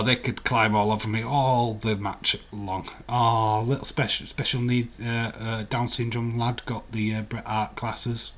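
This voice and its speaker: A man's voice: medium pitch, fairly bright tone. A man hosting a live stream, chatting casually and rambling while he answers viewer comments and laughs often. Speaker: livestream host. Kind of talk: casual live watch-along chat.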